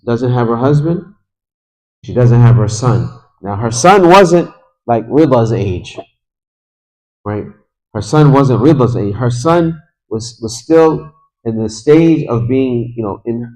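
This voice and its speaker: A man's voice: medium pitch, animated, normal speed, a little mellow, poor audio. A man teaching a lesson in a mosque, retelling a story conversationally and with feeling, quoting Arabic and then translating it. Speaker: religious teacher.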